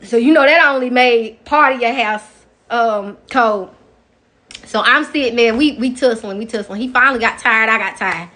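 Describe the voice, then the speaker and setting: A young adult woman vlogger telling a personal story in a casual, animated way, often speaking straight to her viewers. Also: on the high side, normal speed. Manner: emotional, animated retelling, addresses viewers directly.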